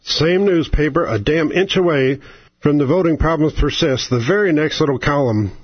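A man's voice: on the high side, moderate pace, husky, dry recording. A man hosting a talk radio show, ranting in an angry, sarcastic, exasperated way. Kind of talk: political radio rant. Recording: lo-fi, dry radio sound.

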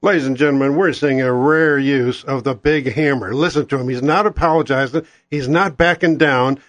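A man's voice: medium pitch, steady tone, moderate pace, no room sound. A man hosting political talk radio, ranting angrily and sarcastically.

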